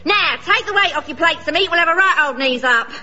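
A woman's voice: very high-pitched, lively intonation, a little fast, pushed and bright, dull audio, exaggerated voice. A woman playing a genteel wife who puts on a brassy, saucy street persona.

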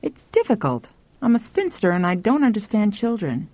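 A woman's voice: medium pitch, big pitch swings, normal speed, dark tone, no room sound, lo-fi sound, pitched above the performer's own voice. A woman voicing a stern, prickly older spinster with clipped, querulous speech.

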